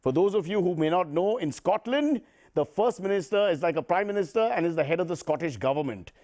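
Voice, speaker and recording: A man's voice: high-pitched, expressive, a little fast, a little mellow. A man anchoring a satirical news show, with wry, jokey asides. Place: TV studio set.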